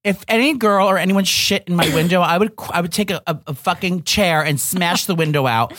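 A woman's voice: lowish voice, a little fast, a bit bright, dry recording. A young woman co-hosting a casual chat, blunt and joking, swearing freely. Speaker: podcast co-host.

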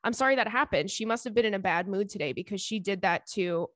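A young woman hosts a casual podcast, reading listener letters aloud and reacting with lively outrage and lots of swearing. She speaks fast at medium pitch, with no echo.

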